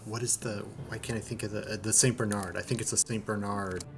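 A man narrating a tabletop game as game master, halting and searching for his words. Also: lowish voice, steady tone.

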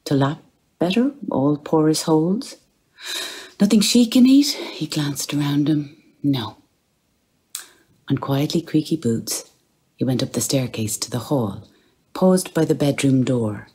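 Very low husky Irish woman reading aloud. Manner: unhurried, dropping to a hushed whisper for inner thoughts. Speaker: audiobook reader. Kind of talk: literary reading.

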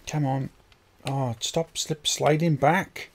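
Male gamer, casual commentary, creaky voice, frustrated and foul-mouthed. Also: medium pitch, lively intonation, normal speed, darkish tone. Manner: frustrated, swears constantly at the game. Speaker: gaming video creator. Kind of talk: let's play commentary.

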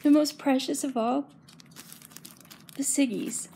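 A woman's voice: high voice, slow, vocal fry, warm tone, slight background noise. A woman in her fifties chatting casually as a quilting vlogger, gushing and emotional, close to tears as she shows her quilts. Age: 50s. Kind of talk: casual show-and-tell chat.

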